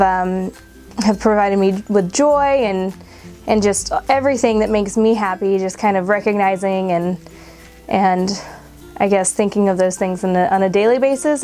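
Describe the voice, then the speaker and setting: Speaking casually to the camera, this twenty-something vlogger is close to crying, with laughter breaking through her words. She has a mid-range voice and a darkish tone.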